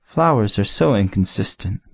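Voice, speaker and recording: A man's voice: on the low side, lively intonation, moderate pace, vocal fry, husky, exaggerated voice. A man reading as an earnest young prince. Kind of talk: audiobook character voice.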